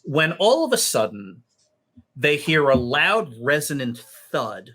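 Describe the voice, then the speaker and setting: A man narrating a tabletop game as game master, telling the story in an unhurried way with many fillers. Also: on the high side, big pitch swings, a bit bright.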